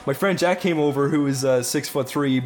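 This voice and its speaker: Young man, higher voice, rambling storyteller who swears freely and acts out the quotes, light music underneath. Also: fairly quick, a little mellow. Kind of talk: casual storytelling chat.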